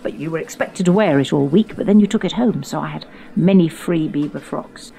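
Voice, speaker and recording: An older woman from England, hosting her own podcast and recounting her youth in an animated, storytelling way with playful quoted voices. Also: low-pitched, brisk, vocal fry. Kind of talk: reminiscing conversation.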